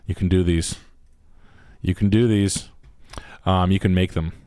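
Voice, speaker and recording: A man's voice: deep voice, steady tone, unhurried, mellow, smooth, dry recording. A man hosting a livestream, giving blunt, crude advice and swearing freely in casual chat. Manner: crude, joking, swears a lot. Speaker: host.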